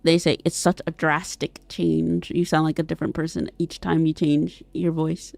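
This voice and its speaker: A woman chatting casually on a live stream, reading chat aloud and answering it, giggly, with her voice swinging between squealing excitement and soft mumbling. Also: low-pitched, normal speed, creaky, hardly any pauses, no echo. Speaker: vtuber streamer.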